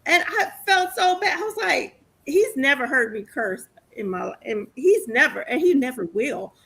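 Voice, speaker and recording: A woman in her forties hosting a podcast, telling stories in an animated way and laughing often. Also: high-pitched, normal speed, gravelly, slightly rough. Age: 40s. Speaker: podcast host. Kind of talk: casual interview chat.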